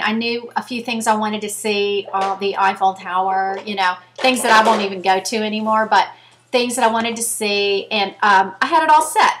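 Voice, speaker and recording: A woman's voice: medium pitch, noisy background. A woman in her fifties, chatting earnestly to her viewers and telling a story straight to camera. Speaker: vlogger. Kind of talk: casual chat to camera.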